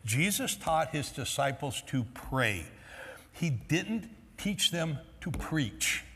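A husky-voiced male pastor who is losing his voice, preaching with a bright, lively delivery that swings high and low. His sermon rings out with a long reverb through a large church hall. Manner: animated, jokey storytelling with quick voice swings.

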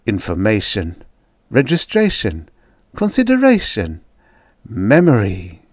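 Slow, dramatic male audiobook narrator. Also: fairly low pitch, wildly swooping pitch, no room sound, studio quality. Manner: slow, dramatic, musing first-person delivery. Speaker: audiobook reader.

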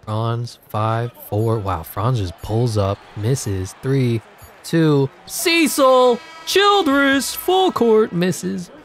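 A man giving jokey, excitable play-by-play over a video game, his voice congested and wearing out, breaking into sudden yells. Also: mid-range voice, extremely slow, slight background noise. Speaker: gaming commentator. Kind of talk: live game commentary.

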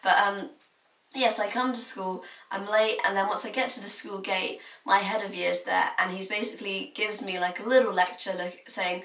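A woman's voice: mid-range voice, steady tone, moderate pace, creaky, a bit bright, far from the mic. Brief: teenage girl vlogging, confiding and chatty, mic set back in an echoey room. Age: late teens. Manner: chatty and confiding, laughs now and then. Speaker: student vlogger. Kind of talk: candid advice vlog.

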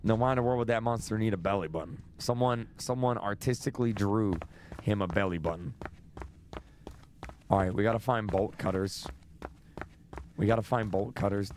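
A man's voice: on the low side, moderate pace, long pauses, background noise. A young man streaming a horror game, jittery and repeating himself, losing his voice. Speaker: gaming streamer. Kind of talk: live horror game commentary.

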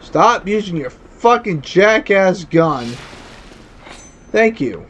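A man with a very high voice rants furiously at a video game, swearing and shouting at an enemy he can't beat. His words come slowly and his pitch jumps all over the place. A faint hiss of background noise sits under the recording. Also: sing-song. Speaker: gameplay streamer. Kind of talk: angry gameplay commentary.

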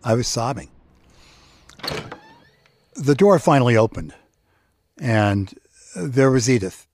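A man telling a personal story in a reflective, halting way. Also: mid-range voice, sing-song, a little mellow, no room sound, clean studio sound. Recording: produced podcast with music bed.

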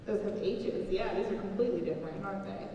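A woman pastor giving a children's message, explaining gently and slowly to children in a church sanctuary. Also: medium pitch, slight background noise. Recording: echoey church hall from far off.

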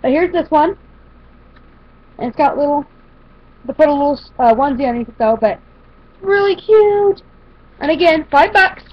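This woman's high voice is expressive, at normal speed with frequent pauses, as she presents a shopping haul on camera. She rambles casually, using fillers and restarting sentences. The audio has a dull, lo-fi home video quality.

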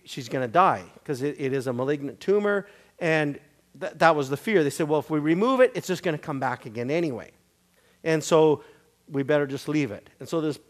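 Middle-aged guy preaching at church, kinda high voice, lively storytelling, laughs a lot. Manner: animated storyteller, laughing often. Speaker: visiting preacher. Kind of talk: sermon sharing testimonies.

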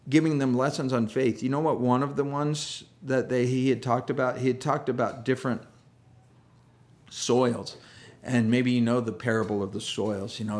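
Male pastor, casual sermon, animated storyteller who slips into the characters' voices, mid-range pitch. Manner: lively storyteller, acts out quoted voices, self-deprecating humor. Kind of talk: conversational sermon.

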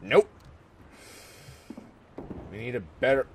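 An American man giving casual joking commentary over a war strategy game, talking to his soldiers and sometimes yelling at them. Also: mid-range voice, very animated, slow pace, pauses often, a little hiss or hum. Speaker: gameplay commentator. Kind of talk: casual let's-play commentary.

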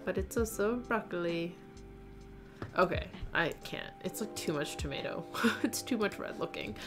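Music plays in the background as a woman with a fairly low voice talks at normal speed. On her casual knitting livestream she chats, reads the chat aloud and laughs frequently.

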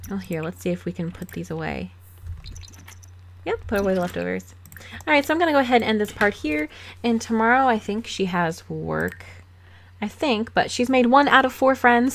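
A woman narrates her game in casual, chatty commentary, breaking into giggles and dry sarcastic asides. Her voice sits at an ordinary mid pitch for a woman. It is a close desk-microphone recording from a home setup. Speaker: let's play host.

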